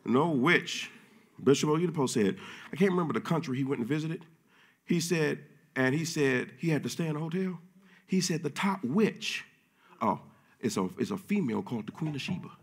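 A man preaching a sermon in church, casual and full of slang, swinging from low murmurs to loud shouting. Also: lively intonation, moderate pace, slightly rough. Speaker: pastor.

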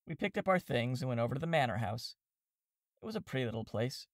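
Guy reading an old comic novel aloud, wry and steady, mid pitch, dry close mic. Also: fast, dry recording. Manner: steady, wry storytelling with put-on character voices. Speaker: audiobook reader and podcast host. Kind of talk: scripted narration of a classic comic novel.

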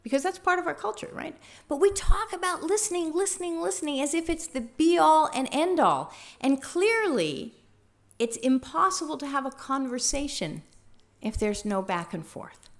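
A woman trainer leading a workshop, talking in a lively, conversational way and asking the room questions. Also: high-pitched, normal speed. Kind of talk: teaching a workshop.

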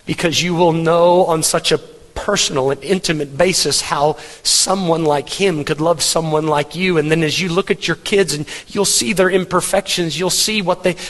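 A man's voice: on the high side, a bit bright. A middle-aged man preaching a sermon as pastor, earnest and emphatic, repeating his words for weight. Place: church hall. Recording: long hall reverb.

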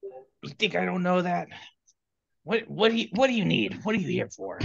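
A man's voice: sits high, big pitch swings, normal speed, dry recording, voice pushed up, full character voice. A man voicing a grumpy, short-tempered male cat-folk blacksmith who curses and snaps at customers. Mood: irritated. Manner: gruff, snappish, cursing. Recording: dull lo-fi, dry.

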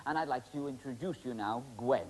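A man's voice: mid-range voice, brisk, a little mellow. A middle-aged man doing comic stage patter with volunteers as a magician host, chatty and teasing with many fillers. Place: TV studio stage with live audience. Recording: hissy 1980s TV broadcast.

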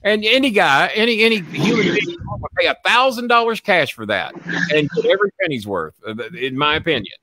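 A man's voice: high-pitched, sing-song, brisk, sharp tone, slight background noise. A man hosting a casual chat show, telling a long story in a rambling, profane way with lots of repeats. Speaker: show host.

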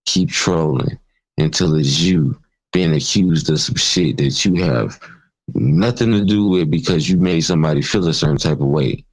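A man's voice: very deep voice, moderate pace, breathy edge, poor audio. A man hosting his own channel, delivering an angry, profane, mocking commentary rant. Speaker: channel host. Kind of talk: ranting commentary vlog.

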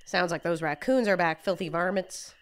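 A woman's voice: lowish voice, moderate pace, a little hiss or hum, natural voice. Woman reading as a grumpy old man. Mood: grumbling.

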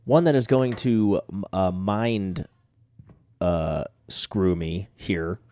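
Male let's-play host with a head cold, lowish mellow voice, rambling casual commentary. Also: takes it slowly, no room sound. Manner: rambling, chatty, talks to the game. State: stuffed up with a cold. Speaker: gaming video host.

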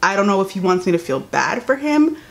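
A young woman giving sassy, incredulous commentary as she reads a statement aloud, jumping between high exclamations and low mutters. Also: big pitch swings, brisk, vocal fry. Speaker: commentary YouTuber.

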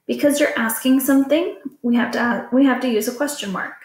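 A woman's voice: high-pitched, fairly quick. A woman teacher patiently explaining a lesson to children in a recorded class video. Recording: echoey room.

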